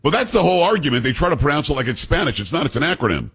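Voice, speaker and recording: A man hosting a talk radio show, telling stories in quick, animated casual banter and mimicking the people in them. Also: fairly high pitch, husky. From from an Italian-American family. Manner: fast, animated storyteller who mimics people.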